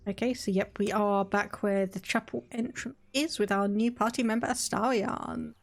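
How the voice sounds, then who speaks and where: A woman's voice: medium pitch, fairly even intonation, moderate pace. A woman VTuber giving casual, chatty commentary as she plays a game, thinking aloud. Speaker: VTuber streamer.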